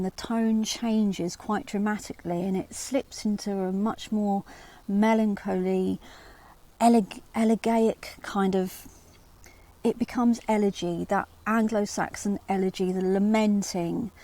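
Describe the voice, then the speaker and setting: In a mellow, mid-range voice, a woman hosts a channel lecture on early medieval riddles. She explains at length, restarting and adding rhetorical asides, and reads quoted verse aloud.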